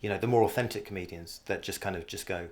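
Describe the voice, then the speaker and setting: Man, podcast host, casual interview, thoughtful, lots of fillers, lower pitch. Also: fast. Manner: thoughtful and encouraging, with many fillers.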